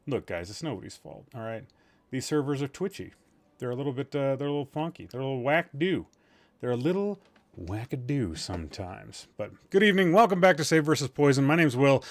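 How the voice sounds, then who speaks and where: A man hosts a casual gaming livestream, talking fairly quickly in a medium-pitched, sing-song voice with no echo. Tired and a bit loopy, he rambles, makes self-deprecating jokes, and swears now and then.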